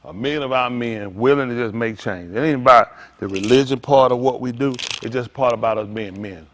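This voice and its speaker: A man preaching informally to a congregation, animated and conversational, acting out little dialogues as he goes. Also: mid-range voice, a little fast. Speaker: pastor.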